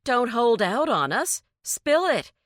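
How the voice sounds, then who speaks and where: An impatient, sharp-tongued woman who doesn't let a silly idea pass. Her lines rise high and forceful as a woman voices her. The recording is dry and close. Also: very animated, takes it slowly, dry recording. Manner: blunt and sarcastic.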